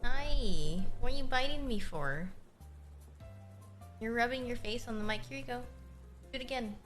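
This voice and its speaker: A woman's voice: a little high, moderate pace, a bit bright, soft background music. A young woman livestreaming in a casual, chatty way, answering her chat and cooing at her cat.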